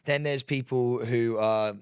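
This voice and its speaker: A podcast co-host with a medium-pitched voice speaks slowly and smoothly with fairly even intonation, recorded dry at studio quality. He tells energetic, excited anecdotes, laughing and acting out what other people said.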